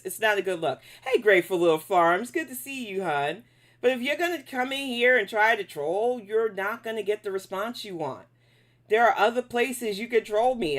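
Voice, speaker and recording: A woman's voice: medium pitch, fairly bright tone. A woman hosting a casual live stream, reacting to videos and bluntly scolding trolls in her chat.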